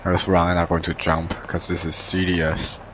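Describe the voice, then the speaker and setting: Deep-voiced young man doing game commentary. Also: normal speed, highs cut off, background noise. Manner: excitable, swears, broken English. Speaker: gameplay commentator. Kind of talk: let's play commentary. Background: game music.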